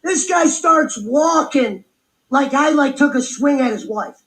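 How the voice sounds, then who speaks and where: A man telling a profane story in casual chat, animated and acting out what people said. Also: very high-pitched, unhurried, poor audio. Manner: animated, profane, acts out quotes.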